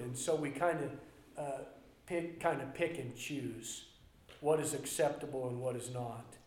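Slow, emphatic preacher man in an echoey room. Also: medium pitch, fairly even intonation. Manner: emphatic preaching with swings between loud and soft. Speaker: pastor. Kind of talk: sermon. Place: church. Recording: roomy echo.

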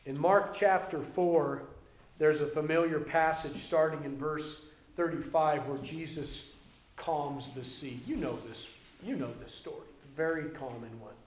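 A man preaching a sermon as a pastor, emphatic and swinging between loud passages and quieter ones. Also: a little high, unhurried. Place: church. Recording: roomy echo.

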